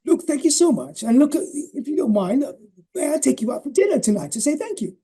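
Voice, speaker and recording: A man's voice: very high-pitched, big pitch swings, fast, dark tone, voice pushed up, full character voice. A man doing a flustered, smitten young suitor. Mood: eager. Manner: eager, stammering, repetitive.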